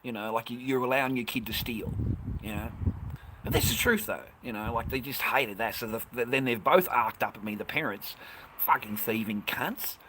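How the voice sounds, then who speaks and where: A man's voice: mid-range voice, animated, a little fast, pushed and bright, slight background noise. A man in his fifties with an Australian accent, ranting bluntly and swearing a lot as he chats casually with viewers on a livestream. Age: 50s. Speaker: livestream host.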